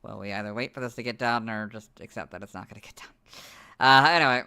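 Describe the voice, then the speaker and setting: A young man who is losing his voice, muttering asides while editing on a livestream, then reading out stat entries loudly. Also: on the low side, fairly even intonation, racing, vocal fry, clear, resonant tone. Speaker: video creator editing on a livestream. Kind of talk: casual livestream chat and reading out stats.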